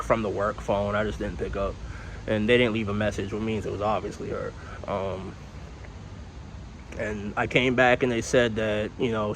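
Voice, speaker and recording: A man's voice: fairly low pitch, a bit bright. Candid young man, noisy street behind. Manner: candid, rambling, profane. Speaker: storyteller. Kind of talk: casual storytime vlog.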